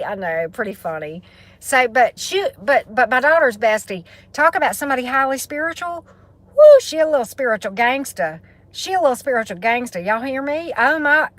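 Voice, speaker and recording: A woman's voice: medium pitch, a bit bright. Woman, Southern US accent, tarot reader, casual livestream chat, rambling, answers viewer comments. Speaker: tarot reader and spiritual coach.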